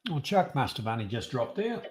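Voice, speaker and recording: A man's voice: mid-range voice, big pitch swings, fairly quick. Easygoing man on a call. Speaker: call-in co-host. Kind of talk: casual chat.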